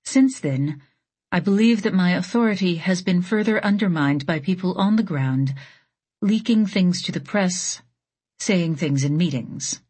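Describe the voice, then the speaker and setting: A woman voicing a weary, guarded female space station leader in an audiobook, speaking in a flat, subdued way. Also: lowish voice, unhurried, slightly rough. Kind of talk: audiobook character voice.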